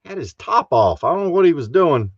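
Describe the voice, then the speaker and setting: A man's voice: on the high side, big pitch swings, brisk, breathy edge, no echo, muffled recording. A man hosting a casual live stream from his RV, folksy and chuckling often as he greets viewers. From Texas.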